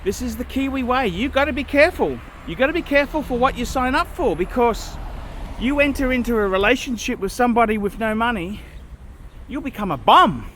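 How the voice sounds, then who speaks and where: A man vlogging an off-the-cuff rant to camera, blunt and repetitive, often clearing his throat. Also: very high-pitched, lively intonation, fairly quick, a bit bright, a little hiss or hum.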